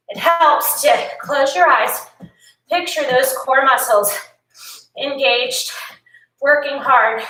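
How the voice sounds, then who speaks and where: A woman's voice: sits high, slow, pauses often, sharp tone, distant mic. A woman leading a home workout, chatty and encouraging, swapping stories between exercise cues, tired and yawning. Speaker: fitness instructor. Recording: echoey room, voice a bit off-mic.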